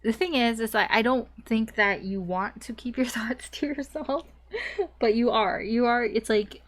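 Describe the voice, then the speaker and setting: A woman with a fairly high voice gives her viewers a casual tarot reading at a moderate pace. She's chatty, with frequent fillers, restarts and light laughs.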